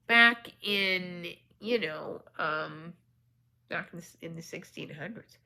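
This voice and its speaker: A woman vlogger unboxing and showing a book in a casual chat, gushing with excitement and dropping into whispered asides. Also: lowish voice, slow, vocal fry.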